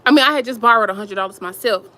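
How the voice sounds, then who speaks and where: A woman's voice: on the high side, very fast, sharp tone, rough recording. A woman vlogger, telling viewers about strangers asking her for help, emotional and rambling, repeating herself. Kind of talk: casual storytelling to viewers.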